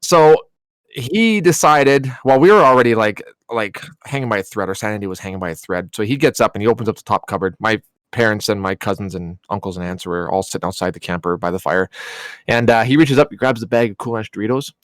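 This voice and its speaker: A man co-hosting a podcast, telling a story in a casual, animated way. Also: on the low side, fast talker, no echo. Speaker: podcast co-host.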